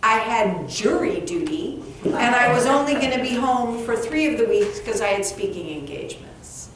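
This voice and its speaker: A woman's voice: fairly high pitch, normal speed. Woman telling stories in an echoey room. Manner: animated, humorous, acts out dialogue. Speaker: author and speaker, interview guest. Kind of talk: storytelling at a live author event. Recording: echoey room, distant mic, faint background noise.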